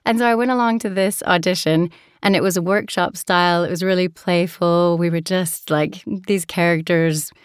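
Low-voiced american woman, smooth and dry. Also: fairly even intonation, normal speed, no echo. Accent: American with a transatlantic tinge. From Alaska, USA. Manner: chatty, laughs often, storytelling. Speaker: audiobook narrator guest. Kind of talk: interview conversation.

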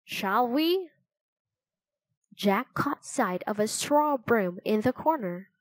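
A woman reading a children's chapter book aloud, telling it slowly and clearly. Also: medium pitch, animated, dry recording, rough recording. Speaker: storybook narrator.

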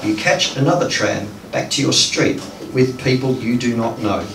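A man's voice: mid-range voice, moderate pace, gravelly, fairly bright tone. A man giving a live poetry reading, hesitant and full of ums between poems. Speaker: poet reading his work. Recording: echoey room, distant mic, faint noise.

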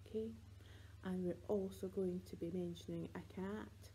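A woman with a Scottish accent leading rhymes and songs for babies in a library, sing-song and playful with soft whispered asides. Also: fairly low pitch, fairly even intonation, normal speed, a little hiss or hum, rough recording. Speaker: children's librarian.

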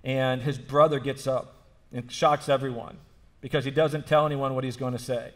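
A man's voice: mid-range voice, steady tone, moderate pace, fairly bright tone. A man preaching a sermon as pastor, telling a story earnestly and repeating phrases for emphasis. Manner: frequent restarts and fillers like "like".

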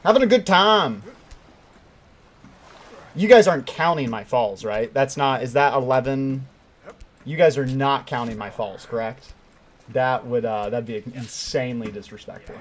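A young man giving live commentary while playing a hard climbing game, excitable and swinging between quiet mutters and sudden yelps. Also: mid-range voice, moderate pace. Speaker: gaming streamer.

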